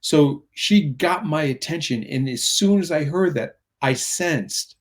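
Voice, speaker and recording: A middle-aged man appears as a guest, telling stories in a slightly high, expressive voice without hurrying. Earnest and rambling, he drifts off topic and imitates the voices of people in his anecdotes.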